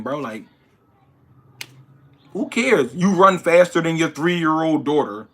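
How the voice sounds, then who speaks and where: Laid-back Philly boxer chatting with viewers. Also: male voice, moderate pace, pauses often, breathy edge. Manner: animated, incredulous when ranting, then low and mumbled. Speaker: boxer answering viewer questions. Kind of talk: casual livestream chat.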